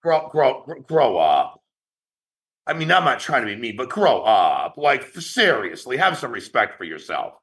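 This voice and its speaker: Brash, bright-voiced business founder, a man. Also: medium pitch, very animated. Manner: brash, profane, rapid-fire, challenging. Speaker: company founder addressing sales agents. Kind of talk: blunt motivational business talk. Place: online group meeting.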